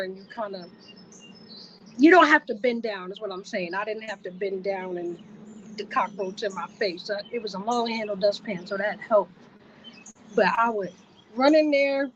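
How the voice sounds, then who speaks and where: A woman's voice: medium pitch, lo-fi sound, slight background noise. A woman vlogger telling a personal story to the camera, vivid and repetitive in her retelling.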